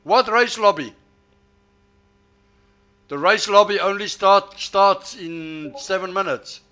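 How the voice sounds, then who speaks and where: Slow-talking teasing man, bright voice. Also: high voice. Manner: teasing, ribbing friends; halting, repeats words as he restarts. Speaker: sim racing streamer. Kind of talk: casual chat over voice chat while racing.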